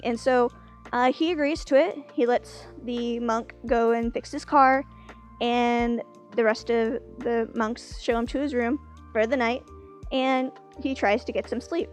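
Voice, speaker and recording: A woman's voice: on the high side, steady tone, unhurried, faint music behind. A woman casually telling a long joke, rambling with many fillers and restarts. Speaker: vlogger.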